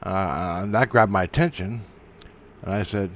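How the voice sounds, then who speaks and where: A man telling a personal spiritual story in a casual monologue, swearing and stopping to restart his sentences. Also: low voice. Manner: profane, halting, restarts often. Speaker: vlogger.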